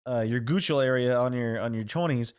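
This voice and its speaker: A man's voice: medium pitch, a little fast, clean tone. A man co-hosting a podcast, chatting casually and crudely and telling stories with a lot of laughter. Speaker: podcast co-host. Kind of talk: casual chat.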